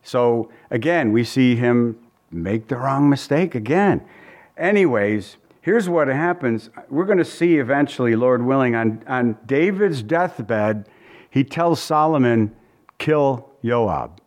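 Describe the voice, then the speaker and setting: A man's voice: medium pitch, lively intonation, unhurried. A man preaching as a pastor, teaching verse by verse in a folksy, conversational way and often repeating his phrases.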